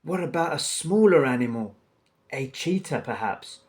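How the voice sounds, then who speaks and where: A man voicing a smooth-talking, bumbling male crook who speaks politely and eagerly, in a storybook reading. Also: mid-range voice, animated, moderate pace, close to an everyday voice. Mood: sheepish.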